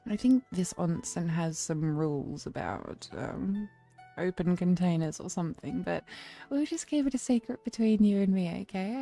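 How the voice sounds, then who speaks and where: Woman streamer, mellow and close-miked, teasing and flirty in a theatrical persona, relaxed chat, soft music underneath. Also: fairly low pitch, normal speed. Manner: playful, flirtatious and theatrical, staying in a demon-queen persona. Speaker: streamer hosting her own channel. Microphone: close to the microphone. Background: faint background music.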